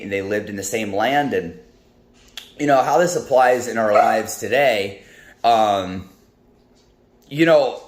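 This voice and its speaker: A man casually retelling a Bible story in a devotional talk, rambling with many ums and restarts. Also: mid-range voice. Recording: roomy echo, faint music.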